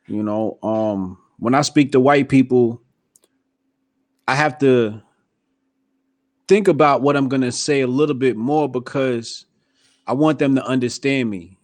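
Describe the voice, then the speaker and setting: Relaxed slangy male podcast host. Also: mid-range voice, unhurried, long pauses, dry recording. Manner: relaxed, explanatory, slangy and emphatic. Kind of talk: casual political podcast chat.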